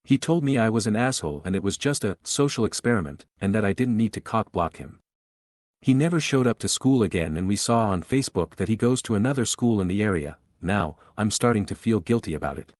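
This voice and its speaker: Low-voiced man reading a forum story. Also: expressive, brisk, a little mellow, no echo, clean studio sound. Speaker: story narrator. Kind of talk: reading a forum post aloud.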